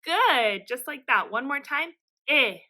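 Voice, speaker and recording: A woman teaches young children their letter sounds, upbeat and encouraging, and draws each sound out slowly. Her voice sits high and rings bright, with a clear, forward tone. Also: lively intonation, low-quality recording. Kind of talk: phonics lesson for young children.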